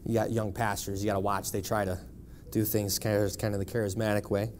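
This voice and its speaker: A man's voice: on the low side, little pitch movement, fairly quick, a little mellow, slight background noise. A man in his thirties from Buffalo, New York, giving a personal testimony in church with a wry, conversational storytelling manner. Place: church sanctuary.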